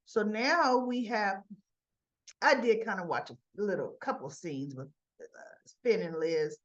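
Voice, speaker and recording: A woman's voice: medium pitch, a little slow, muffled recording. A woman giving a casual, chatty recap of soap opera scenes, slipping in asides and quoted dialogue.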